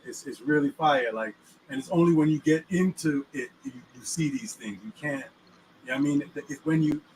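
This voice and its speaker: A man hosting a casual chat about the weekly Torah portion, using street slang and often checking that the listener follows him. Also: on the high side. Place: inside a moving car. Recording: distant mic in a car with faint road noise.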